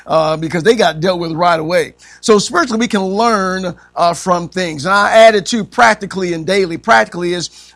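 Man with a high, bright voice, Bible class teacher, says amen constantly, quizzes the group. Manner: chuckles often.

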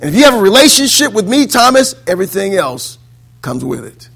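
A middle-aged man and pastor preaching a sermon with animated delivery, quoting voices and laughing, swinging between loud emphatic declarations and quiet low asides. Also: fairly quick, gravelly, breathy edge.

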